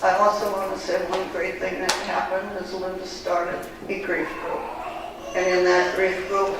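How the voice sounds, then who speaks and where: A woman giving a heartfelt personal testimony at church, in halting, storytelling speech. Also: on the low side, completely flat delivery. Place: church sanctuary. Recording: echoey church hall, distant mic, background noise.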